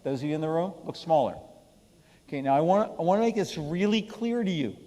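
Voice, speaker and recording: A man's voice: fairly high pitch, lively intonation, a little fast, dark tone, in a large hall. A man leading a Bible study before a congregation, emphatic and repeatedly checking in with "okay?". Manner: emphatic, keeps asking the room "okay?". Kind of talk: sermon-style Bible study. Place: church hall with an audience, live streamed.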